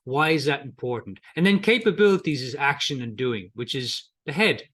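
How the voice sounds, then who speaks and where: A man's voice: medium pitch, normal speed, fairly bright tone. A middle-aged man teaching a coaching lesson in a conversational way, acting out both coach and client in short quoted exchanges. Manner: conversational, with repetitions and restarts. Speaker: coaching trainer. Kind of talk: coaching lesson with role-played client dialogue.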